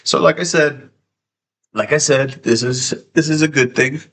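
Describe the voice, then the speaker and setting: A man's voice: medium pitch, unhurried, fairly bright tone, husky. Tearful male streamer, emotional and repetitive. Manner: emotional, swearing, repeats himself. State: tearful, sniffling. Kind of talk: casual live stream chat.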